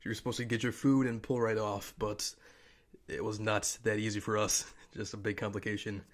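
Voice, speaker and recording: A man's voice: lowish voice, level tone, normal speed. A young man hosting a podcast, telling a story in a casual, rambling way, swearing and laughing at his own story, from a desk mic in an office. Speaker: podcast host. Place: office with a humming noise. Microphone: home desk mic with static. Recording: faint static hiss.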